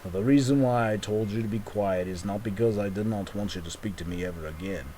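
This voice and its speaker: A man's voice: lowish voice, a little fast, mellow, slight background noise, natural voice, low-quality recording. A man voicing a bossy, protective pirate leader in a homemade toy movie. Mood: stern.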